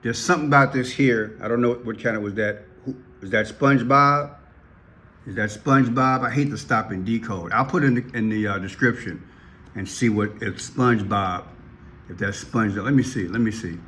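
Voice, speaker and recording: A man's voice: normal speed, sharp tone, slight background noise. A man giving casual commentary to his viewers, repeating himself often and calling out to the audience. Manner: rises sharply in pitch when worked up. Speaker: online video commentator.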